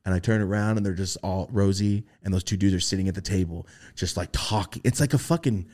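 A young man on a podcast telling a story in casual chat, swearing freely and acting out the voices he quotes. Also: fast. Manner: animated, swearing, acts out quoted voices in a high pitch. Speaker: podcast host.

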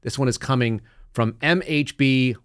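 A man hosting his podcast, talking fast and casually and laughing now and then at his own stories. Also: medium pitch, clean tone, dry recording, clean studio sound. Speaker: podcast host. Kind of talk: casual talk show monologue. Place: studio.

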